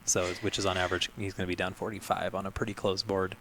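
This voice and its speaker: A man's voice: low-pitched, little pitch movement, fast, a bit bright. A man giving laid-back, analytical live commentary on a board game tournament with a dry sense of humor.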